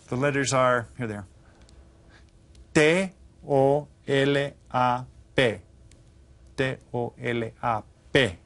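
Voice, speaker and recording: A man teaches a recorded lesson in an even, mid-pitched voice. He sounds out words syllable by syllable and keeps checking in with encouraging questions. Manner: patient, slow enunciation of words; encouraging, asks students questions. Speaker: Spanish teacher.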